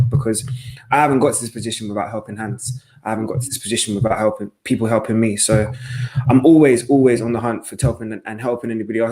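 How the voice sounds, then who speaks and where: Fast, passionate male presenter. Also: medium pitch, a little mellow. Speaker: panel guest, sports presenter. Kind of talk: webinar panel discussion.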